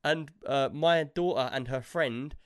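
A man hosting a gaming podcast, telling stories in an animated way and laughing often. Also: medium pitch, measured pace, clean tone. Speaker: podcast host. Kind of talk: casual chat.

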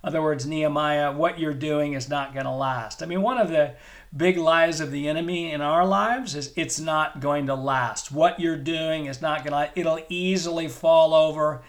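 A man's voice: fairly high pitch, fairly even intonation, normal speed. A middle-aged man preaching a podcast sermon with enthusiastic, emphatic delivery and repeated phrases. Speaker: pastor.

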